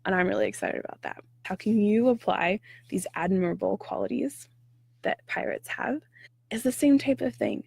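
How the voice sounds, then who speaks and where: A woman hosts her storytelling vlog in a lively, expressive way, now and then slipping into a hushed whisper to stress a point. Her voice has a gravelly, creaky edge. The sound is close and dry, with almost no room around it. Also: mid-range voice, brisk, few pauses, no room sound. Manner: animated, slipping into whispers for emphasis. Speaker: host.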